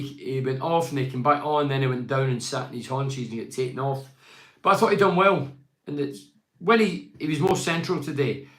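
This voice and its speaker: A man's voice: a little high, fairly bright tone. A man, giving a blunt, opinionated football match review and reading fan emails. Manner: blunt, ranting, quotes others in mock voices. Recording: echoey room.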